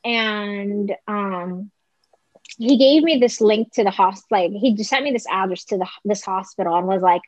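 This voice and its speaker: A young woman telling a personal story in casual conversation, talking fast and filling her speech with "like". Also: mid-range voice, no room sound. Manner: chatty, heavy use of "like", quick quoted asides. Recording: slightly dull close dry recording.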